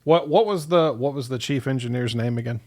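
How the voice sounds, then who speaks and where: A man's voice: mid-range voice, fairly quick, a little mellow. Hesitant man playing a tabletop game. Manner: hesitant, thinking aloud. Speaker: player. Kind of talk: casual tabletop role-play.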